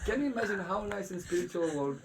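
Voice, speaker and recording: A man giving a devotional talk in a house, telling stories in an animated way with frequent laughter. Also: high-pitched, fast talker, slight background noise. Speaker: spiritual teacher. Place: private house.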